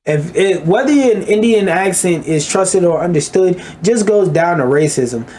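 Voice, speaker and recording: A man's voice: sits high, animated, unhurried, a little mellow, slight background noise. A man giving a blunt, profane, ranting commentary as he reacts to a video.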